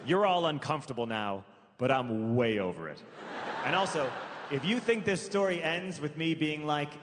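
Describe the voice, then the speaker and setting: A man's voice: fairly high pitch, animated, normal speed, background noise. Man doing stand-up, reverberant venue. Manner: conversational, piling up asides and self-corrections. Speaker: stand-up comedian. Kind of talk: stand-up comedy storytelling. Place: comedy club stage before a live audience. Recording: reverberant venue with crowd ambience.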